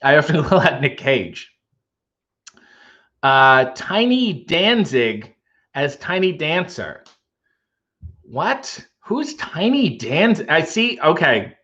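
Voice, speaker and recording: A man's voice: on the high side, big pitch swings, slow, pauses often, bright, forceful tone, muffled recording. Dry, joking man reading comments. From Canada. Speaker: livestream host. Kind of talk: casual chat reading comments. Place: home.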